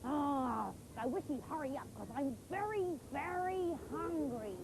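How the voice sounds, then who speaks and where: A woman's voice: high-pitched, animated, a little slow, noisy background. A woman growling as a scary hungry troll. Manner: growls and roars between lines. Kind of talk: children's TV storytelling.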